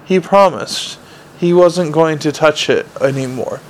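A man voicing a worried, soft-spoken male watch sergeant. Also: a little high, unhurried, slight background noise, close to an everyday voice, low-quality recording.

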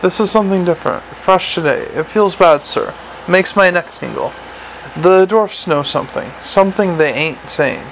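Guy putting on a slow earnest old sergeant, folksy slangy talk, pitched up higher, gravelly, audiobook. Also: a bit bright, slight background noise, poor audio. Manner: earnest, plodding, working-class slang. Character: slow, stolid, sweaty older male sergeant. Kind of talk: audiobook character reading.

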